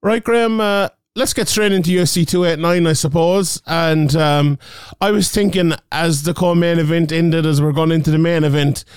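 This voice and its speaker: A man's voice: a little high, steady tone, normal speed, smooth, no echo, clean studio sound. A young man hosting a podcast from his home office, reading ads and chatting in a jokey, rambling way that keeps correcting itself. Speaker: podcast host. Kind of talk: casual ad read and sports chat.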